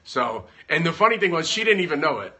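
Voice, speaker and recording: Chatty man with a bright voice. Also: fairly high pitch, very animated, quick pace, husky. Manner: rambling, self-interrupting, joking. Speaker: business owner giving advice. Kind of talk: casual livestream chat. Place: at home.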